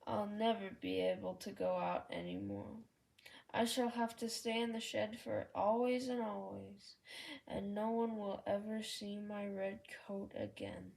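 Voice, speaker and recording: A woman reads as a proud red male steam engine, stubborn and determined, talking earnestly in a fairly everyday voice. The storybook reading is slow and unhurried. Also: mid-range voice, flat delivery, creaky, a little mellow. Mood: sad. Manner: earnest, sometimes sad, sometimes puffing with effort.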